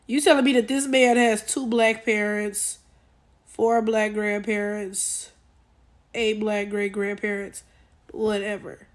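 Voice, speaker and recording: A woman ranting in a casual commentary video, exasperated and animated, using lots of slang and talking straight to her viewers. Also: on the high side. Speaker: commentary YouTuber.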